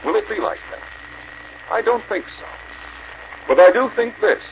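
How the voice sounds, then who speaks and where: An older man giving an earnest sermon to a convention, exhorting the brethren with rhetorical questions. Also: normal speed. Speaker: preacher. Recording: dull archival recording with faint hiss.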